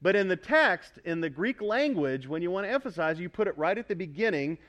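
Male pastor, high-pitched, emphatic sermon delivery, calls out to the congregation. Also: lively intonation, fairly quick. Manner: emphatic, builds to loud pointed repetition; asks the congregation for responses. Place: church sanctuary.

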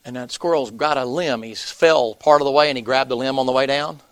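A man's voice: mid-range voice, steady tone, brisk, clean tone, no echo. A man, preaching by telling a folksy story and acting out the people's voices. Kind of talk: sermon storytelling.

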